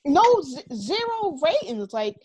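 A woman's voice: sits high, unhurried. Cursing, ranting woman podcast host. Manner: animated ranting with heavy cursing. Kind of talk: casual chat.

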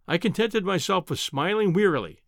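Male audiobook narrator, slightly high voice, animated, measured pacing, dead-dry close mic. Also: dry recording. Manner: expressive, measured storytelling. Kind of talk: scripted narration.

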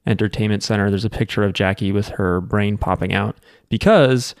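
A man's voice: lowish voice, a little fast, no room sound. Podcast host, male, rambling jokey storyteller, clean dry sound. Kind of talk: casual podcast chat.

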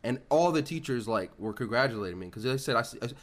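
A man with a Midwestern US accent co-hosting a casual podcast and telling stories at a quick clip. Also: mid-range voice, lively intonation, very noisy. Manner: rapid storyteller. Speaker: podcast co-host. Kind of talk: casual chat.

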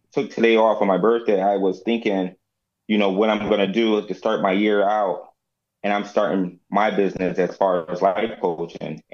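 An earnest man in his forties reflects in a measured, grateful way. His voice sits low, and the recording sounds muffled and lo-fi. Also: a little mellow. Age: 40s. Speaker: guest. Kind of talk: casual reflective talk.

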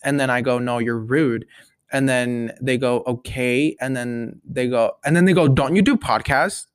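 A man's voice: medium pitch, moderate pace, clean tone, dry recording, studio quality. A young man hosting a casual solo podcast, telling stories dramatically and rambling with lots of fillers. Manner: rambling, dramatic storytelling with many fillers and repeated "like". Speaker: podcast host.

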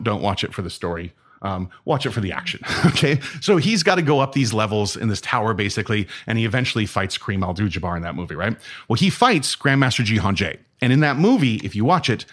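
Animated man telling martial arts stories. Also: fairly low pitch, quick pace. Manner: animated, acts out dialogue, says "right?" often. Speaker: martial arts instructor and guest. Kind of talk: casual storytelling.

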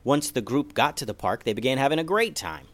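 Man, children's storyteller, podcast host, very lively pitch, gentle reading. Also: brisk.

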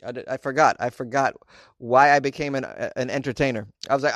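A man's voice: medium pitch, fast, fairly bright tone. A man hosting a podcast, talking in a loose, joking, rambling way with frequent laughs and restarts. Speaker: podcast host. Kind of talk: casual podcast monologue.

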